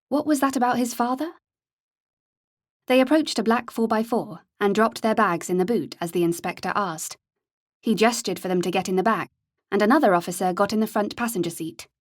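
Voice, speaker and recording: This is scripted audiobook narration by a woman, her mid-range voice measured and steady throughout. The recording sounds dry and studio quality.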